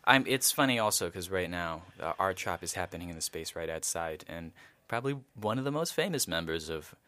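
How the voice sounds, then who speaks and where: A man co-hosting a podcast, talking thoughtfully with many pauses and ums. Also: sits low, lively intonation, sharp tone, no echo. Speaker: podcast co-host. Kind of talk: casual discussion.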